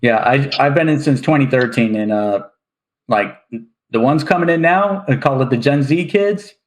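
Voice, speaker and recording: A man's voice: medium pitch, normal speed, rough recording. A young man chatting casually on a podcast, blunt and joking. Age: young adult. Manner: blunt, joking, swears freely. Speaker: podcast guest. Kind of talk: casual chat.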